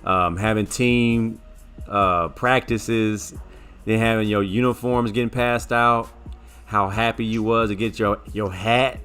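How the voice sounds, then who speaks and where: A man with a low, bright and forceful voice, speaking as he tells a rambling story on a sports talk show. He repeats words as he goes and gets animated. Faint music plays behind him. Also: slow, smooth. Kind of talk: casual storytelling chat.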